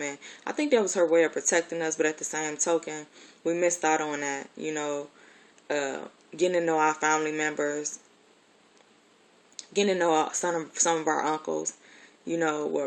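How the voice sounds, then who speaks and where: An adult woman with a lowish voice tells personal stories casually and candidly. She swears freely and rambles, using plenty of fillers.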